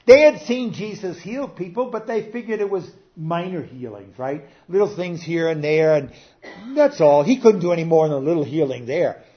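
An older man preaching a sermon as pastor, swinging between soft asides and loud emphatic bursts. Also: fairly high pitch, animated, moderate pace. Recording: dull lo-fi sound.

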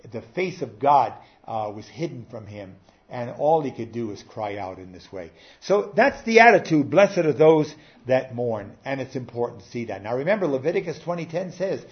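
A man preaching a sermon earnestly, with rising and falling emphasis and frequent pauses. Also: a little high. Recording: slightly dull lo-fi sound.

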